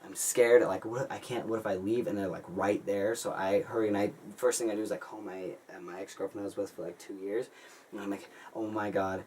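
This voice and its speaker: A man's voice: on the low side, a little fast. Young man rambling a story, mic far. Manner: rambling, excitable, heavy use of "like". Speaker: vlogger. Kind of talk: casual storytelling. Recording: distant mic with faint ambient noise.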